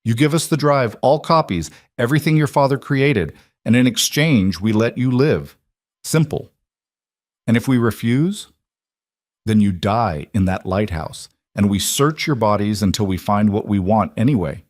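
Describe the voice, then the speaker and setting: A man's voice: lowish voice, expressive, moderate pace, dry recording, natural voice. Cold disguised villain voiced by a man, clipped threats, dry close sound. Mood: menacing. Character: menacing man behind a voice disguiser, cold and demanding.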